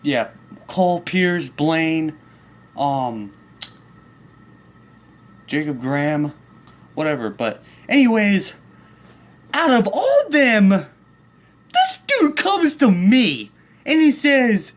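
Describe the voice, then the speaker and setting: Slow, ranting, swearing man with swooping pitch. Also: huge pitch swings, a little hiss or hum. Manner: profane, ranting, worked-up storytelling; rambling with restarts and fillers. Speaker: vlogger. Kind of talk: comedic angry rant.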